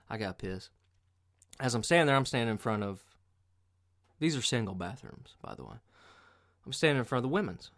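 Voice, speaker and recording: A man's voice: mid-range voice, sing-song, fairly quick, long pauses, fairly bright tone. A man hosting a podcast, telling casual comic stories in a profane, rambling, mocking way. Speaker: podcast host. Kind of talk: casual comedic storytelling.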